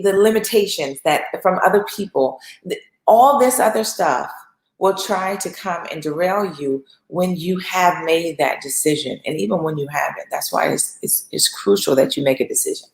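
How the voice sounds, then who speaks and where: A woman teaching in a casual, conversational sermon style, telling a story with lively acted asides. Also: lowish voice. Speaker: host and speaker. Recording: echoey room.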